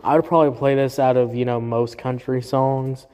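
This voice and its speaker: A man's voice: medium pitch, fairly even intonation, normal speed, darkish tone, clean tone. Man, casual music reviewer, swearing, rambling fillers, echoey hall sound. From southern US. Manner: profane, rambling, heavy fillers. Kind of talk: casual solo review chat. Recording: roomy hall reverb.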